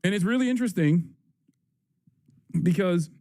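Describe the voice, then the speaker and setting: A man streaming live, reading posts aloud and joking in quick casual talk. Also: high voice, lively intonation, mellow, no echo. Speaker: livestreamer. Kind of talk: casual livestream commentary.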